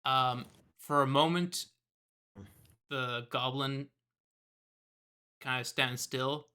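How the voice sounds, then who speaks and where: Bright-voiced, hesitant game master. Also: medium pitch, fairly even intonation, very slow, smooth. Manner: hesitant, with fillers and laughs. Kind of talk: narrating a tabletop game.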